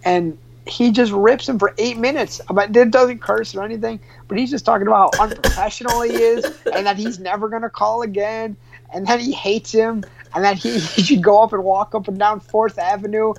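A man's voice: high voice, steady tone, normal speed, vocal fry. A man working as a radio show producer, telling a funny story in a loose, chatty way with lots of restarts and laughs. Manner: laughs often, many restarts and fillers. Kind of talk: casual storytelling. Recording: muffled lo-fi sound.

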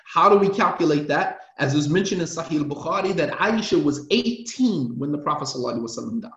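A man's voice: fairly high pitch, lively intonation, fast, a bit bright. A man, an imam, giving an emphatic, impassioned religious class lecture and driving his points home with repetition. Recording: roomy, dull lo-fi sound.

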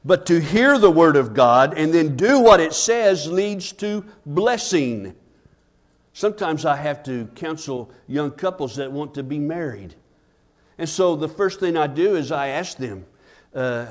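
In an unhurried, medium-pitched voice, a pastor preaches earnestly to a church congregation. He asks them "Amen?" and turns quiet and hushed whenever he tells a story.

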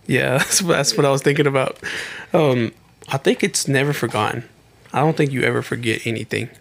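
Gravelly fast-talking young man. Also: mid-range voice. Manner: quick, slangy, says bro a lot. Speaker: podcast co-host. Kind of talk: casual chat.

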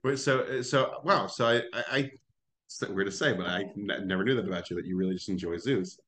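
A man's voice: on the low side, a little fast, a bit bright. A young man chatting casually with his mother, dropping short replies and loose asides. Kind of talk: casual family chat.

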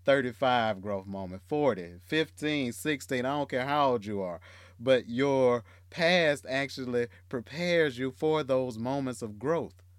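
A man's voice: medium pitch, clean studio sound. A man hosting a podcast, affirming and echoing his guest with enthusiasm. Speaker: podcast host. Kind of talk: casual podcast chat.

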